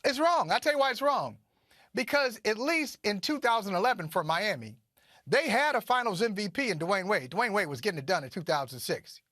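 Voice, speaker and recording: A middle-aged man co-hosting a sports talk show, arguing his points in an animated, emphatic way and repeating phrases for punch. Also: sits high, a little fast, no echo, studio quality. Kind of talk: casual sports debate.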